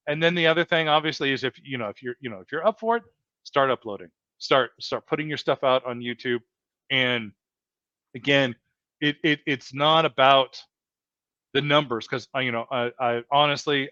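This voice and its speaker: A man with a fairly bright, higher-pitched voice hosts a casual interview, talking earnestly and rambling with lots of restarts and fillers. The recording is dry, dull, and lo-fi.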